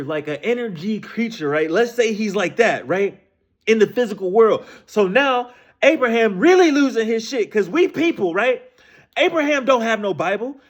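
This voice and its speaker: A man, ranting casually about scripture in a profane, animated way, full of repeated rhetorical questions. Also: extremely high pitch. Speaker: streamer discussing scripture.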